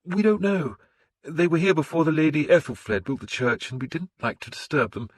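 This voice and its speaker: A man voicing a timid, nervous older priest, his voice raised high and fretful. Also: fairly quick, no echo, clean studio sound, close to an everyday voice. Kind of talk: audiobook character voice.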